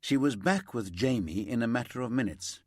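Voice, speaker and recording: A man narrating a crime thriller audiobook in a steady, lively storytelling manner on a close mic. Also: medium pitch, normal speed, no room sound.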